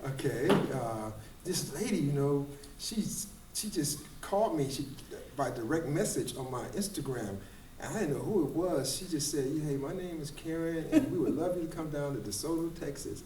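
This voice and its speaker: A middle-aged man, a dance choreographer, telling stories in a casual interview at a fitness camp event, animated and circling back with repeated words. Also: a little high, moderate pace, a little hiss or hum. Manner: animated, rambling storyteller with repeated "and, and". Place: large room at a kids fitness camp event. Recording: roomy echo, distant mic, faint ambience.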